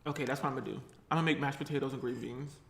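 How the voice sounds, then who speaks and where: A man's voice: medium pitch, fairly even intonation, very fast, vocal fry, fairly bright tone, reverberant. A man chatting playfully and sassily in a casual eating vlog. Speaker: vlogger.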